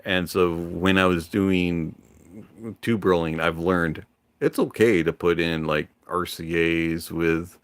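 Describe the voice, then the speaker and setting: A man hosting a livestream in a relaxed, rambling manner, pausing often on fillers. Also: sits low, clean tone, no room sound. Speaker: livestream host. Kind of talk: casual livestream chat.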